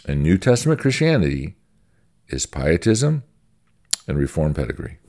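A man's voice: low-pitched, big pitch swings, normal speed, a little mellow. A man, a pastor, giving an informal church-history teaching in a conversational, folksy way, repeating phrases as he goes.

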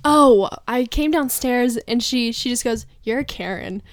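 A woman's voice: on the high side, measured pace, no room sound. A young woman chatting casually with a friend, laughing often and swearing freely. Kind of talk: casual chat.

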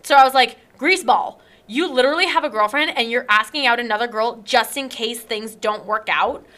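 A woman's voice: on the high side, brisk, sharp tone. A young woman hosting a casual chat, telling an indignant story and acting out text messages.

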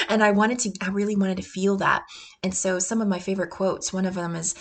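A woman hosting a motivational podcast, talking with energy and laughing often, sometimes dropping into gruff chanted quotes. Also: mid-range voice, moderate pace, a bit bright. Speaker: podcast host.

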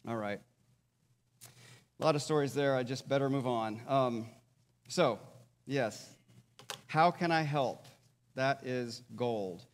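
A man giving a conversational sermon as a pastor, often checking in with his listeners. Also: mid-range voice. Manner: conversational, checks in with "all right?" and "okay?". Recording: long hall reverb.

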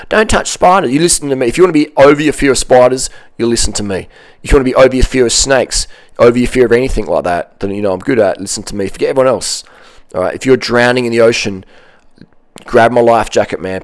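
A man giving a profane, combative and boastful fitness monologue to camera. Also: mid-range voice. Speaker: fitness vlogger. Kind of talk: ranting monologue.

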